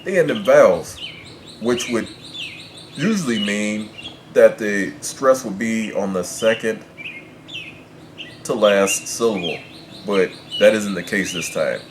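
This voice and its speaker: A man's voice: on the low side, takes it slowly, pauses often, noisy background. A man teaching as a Spanish tutor, patiently explaining rules and spelling words out letter by letter.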